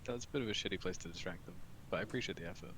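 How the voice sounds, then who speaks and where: A man's voice: sits low, very fast, fairly bright tone, slight background noise. A man with a British RP accent chatting dryly over voice chat during a game raid. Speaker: raid member.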